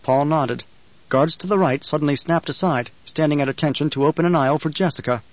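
A man narrating an audiobook in a steady, deliberate way. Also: fairly high pitch, dry recording, muffled recording. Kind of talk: scripted narration.

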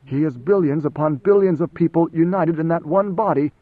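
A nervous, tightly wound messenger, as a man puts him on, speaking in a controlled, urgent hush. The voice sits a little high and comes through a dry, tinny, phone-like band. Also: brisk, dry recording, lightly acted. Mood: tense. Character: tense, fearful male court messenger.

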